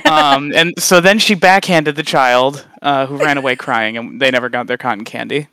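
A young man, a guest on a casual chat recorded remotely, telling funny stories with lively acted-out quotes. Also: moderate pace, clean tone, dry recording. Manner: animated storyteller, acts out quotes in high voices. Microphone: long-distance remote recording.

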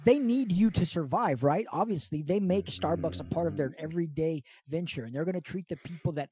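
A man's voice: on the high side, a little fast, mellow. A man co-hosting a podcast over a video call, talking in casual, profane, mock-grandiose rants. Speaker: podcast co-host. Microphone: remote over video call.

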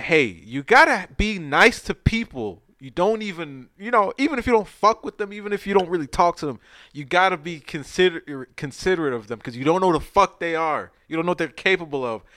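A man in casual podcast talk, retelling a film with big swings in his somewhat high, bright voice. He slips into the characters as he goes and curses freely. The sound is dry and close to the mic. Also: normal speed, no room sound. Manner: animated storyteller who acts out movie scenes; loose, profane street-style speech. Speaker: podcast co-host. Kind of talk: casual chat.

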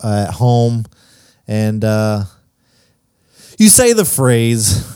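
A man's voice: on the low side, very animated, drawn-out words, dark tone, smooth, dry recording, studio quality. A man co-hosting a casual podcast, telling stories easily and laughing often. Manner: easygoing storyteller, laughs often. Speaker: podcast co-host. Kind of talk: casual chat.

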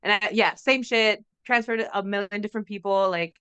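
A young woman from Mexico with a faint Mexican accent, chatting on a podcast with a bright, crisp voice. She swears freely and laughs often through her stories, and the recording is dry and close. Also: mid-range voice, fairly even intonation, moderate pace, dry recording. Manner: laughing, profane storytelling. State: sick. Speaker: podcast co-host. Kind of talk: casual chat.

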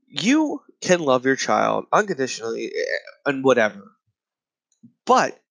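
A man rants in a comedy bit, angry and exasperated, with swearing in almost every sentence. His voice sits high for a man. He sounds fed up and worked up throughout. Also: a bit bright, poor audio. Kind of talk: profane comedic rant.

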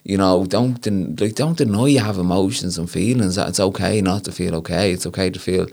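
Irish man, very low voice, earnest guest in relaxed conversation. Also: fairly quick, vocal fry. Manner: earnest, repeats "you know what I mean". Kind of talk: casual chat.

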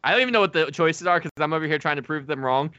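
Man, podcast co-host, lively pitch, bright tone, dry slightly dull recording. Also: rapid-fire, smooth, no echo. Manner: animated, questioning. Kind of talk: casual chat.

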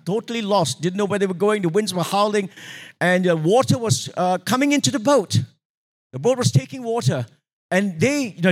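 Man, preacher, high voice, animated sermon storytelling, calls for congregation responses. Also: husky. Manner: animated storytelling, acting out quoted voices, sudden pitch jumps.

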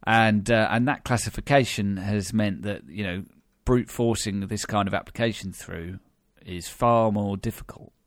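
A man's voice: lowish voice, fairly even intonation, normal speed, few pauses, no echo, studio quality. A British man hosting a podcast, chatting wryly with many fillers and restarts. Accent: British English. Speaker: podcast host. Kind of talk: casual podcast chat.

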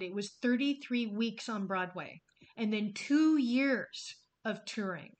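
A woman hosting a podcast, telling film history in a casual, enthusiastic way with some swearing. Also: mid-range voice. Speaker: podcast host.

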